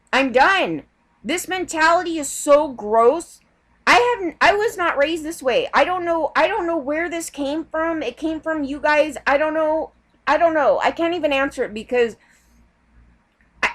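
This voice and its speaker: A young woman vents on her vlog in a heated, rambling rant full of swearing. Her voice sits high and leaps all over the place as she talks. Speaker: vlogger. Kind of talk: ranting vlog.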